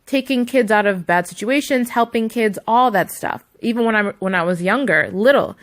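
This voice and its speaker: A woman's voice: fairly high pitch, moderate pace. A young adult woman vlogging, telling a story in a chatty, indignant way full of asides. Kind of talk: casual storytelling to camera.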